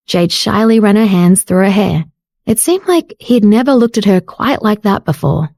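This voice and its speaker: A woman reads an audiobook novel in steady scripted narration. Her voice sits at a middle pitch with a mellow, warm tone. The sound is close and dry. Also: fairly quick, no room sound. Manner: steady storytelling reading.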